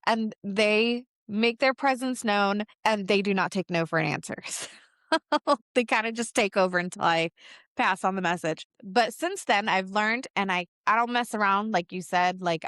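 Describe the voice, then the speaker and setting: A woman co-hosting a podcast, telling personal stories in a lively, chatty way. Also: medium pitch, no echo. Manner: animated storyteller. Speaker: podcast co-host. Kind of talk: casual podcast chat.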